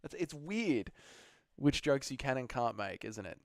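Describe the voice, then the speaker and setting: A man's voice: mid-range voice, sing-song, measured pace, no room sound, studio quality. A man hosting a casual livestream, swearing freely, laughing often and answering chat messages. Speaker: livestream host.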